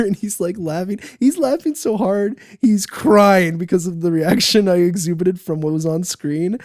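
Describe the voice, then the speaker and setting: A young man co-hosting a casual podcast chat, telling stories with lively, acted-out reactions. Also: moderate pace, hardly any pauses, no room sound, studio quality. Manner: animated storyteller, acts out his own reactions with high squeals. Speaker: podcast co-host.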